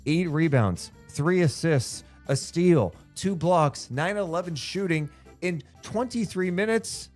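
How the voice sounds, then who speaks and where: A male sports podcast co-host chatting casually, with a lively pitch that rises and falls a lot. He rattles off box-score numbers and quizzes his co-host, with faint music behind him. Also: slow pace. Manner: runs through stats conversationally, playful quiz host.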